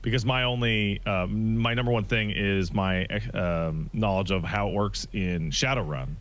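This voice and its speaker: Lower-voiced man explaining at an even pace. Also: a little slow. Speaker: podcast co-host. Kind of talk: casual chat.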